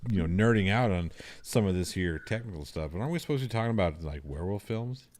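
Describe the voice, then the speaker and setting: A man's voice: deep voice, expressive, fast talker, darkish tone, slight background noise. A man co-hosting a horror podcast, steering the talk and making dry, joking asides in casual banter. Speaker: podcast co-host.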